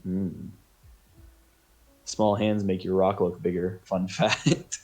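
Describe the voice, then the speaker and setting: A man's voice: low-pitched, flat delivery, slow, darkish tone, faint music behind. A man narrating as game master on a tabletop game stream, casual and rambling, with many restarts. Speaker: dungeon master.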